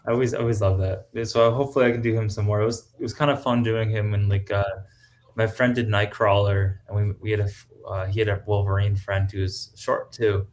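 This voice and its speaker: A man's voice: fairly low pitch, little pitch movement, fast, darkish tone, a little hiss or hum. A man speaking as a guest on a podcast in casual, chatty talk full of fillers. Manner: chatty, laughs often, many fillers. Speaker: guest cosplayer.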